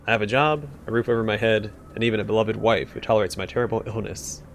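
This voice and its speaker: A man voicing a nervous male clerk who keeps bursting out with shouted word lists and then apologizes. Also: lowish voice, fairly even intonation, fast, a little hiss or hum, lightly acted. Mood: twitchy.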